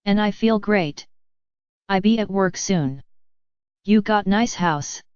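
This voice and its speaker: A woman's voice: medium pitch, slow, a little mellow, clear, resonant tone, dry recording, lo-fi sound, natural voice. A woman voicing a sick male worker who calls his boss in plaintive, broken English.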